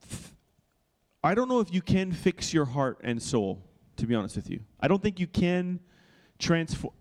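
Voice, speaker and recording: A man's voice: a little high, a little mellow. A man pastor teaching in a sermon style, earnest and confessional, often restarting phrases and checking in with listeners.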